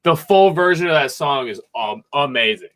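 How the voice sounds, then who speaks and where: A young man hosting a podcast from a home music room, chatting casually in a rambling, excitable way and swearing a lot. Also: on the high side, normal speed. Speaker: podcast host. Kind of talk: casual chat.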